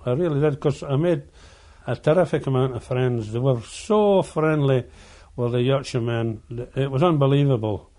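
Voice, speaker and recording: A man's voice: medium pitch, dark tone. Old retired miner guy telling stories, keeps repeating himself, ordinary mid voice. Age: older. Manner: halting, repeats words, chatty storyteller. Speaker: former coal miner. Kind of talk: oral history reminiscing.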